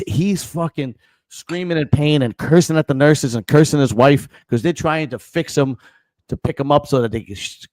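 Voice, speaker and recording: With a medium-pitched voice and no room sound, this podcast host tells a profanity-laced story in a relaxed chat, bringing each character to life as he quotes them.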